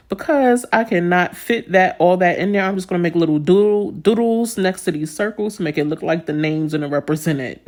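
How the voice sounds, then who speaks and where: A young woman from New York with a slight Southern twang, chatting casually and laughing often as she does nail art for her viewers. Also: lowish voice. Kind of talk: casual chat while doing nails.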